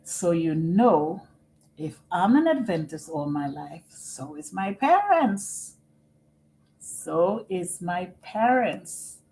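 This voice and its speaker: Middle-aged woman on a live stream, low voice, very slow and earnest, keeps repeating herself, faint room hum. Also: sing-song, warm tone, low-quality recording. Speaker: vlogger and family caregiver. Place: at home. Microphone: computer microphone.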